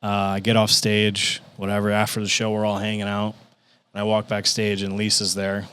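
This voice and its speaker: His smooth, lowish voice moves at a moderate pace as he tells stories as a podcast guest. The stand-up comedian is animated and acts out quoted dialogue full of profanity.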